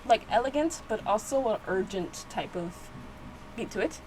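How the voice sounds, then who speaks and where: A woman giving casual reaction commentary, reading subtitles aloud and excitedly repeating herself. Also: mid-range voice, moderate pace, a little hiss or hum. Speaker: video reactor.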